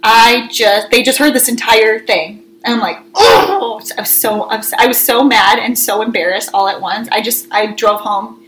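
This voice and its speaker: Lively higher-pitched woman telling stories. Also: normal speed, hardly any pauses, a little hiss or hum, rough recording. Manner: animated storyteller, acts out her own yelling. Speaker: co-host. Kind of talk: casual chat.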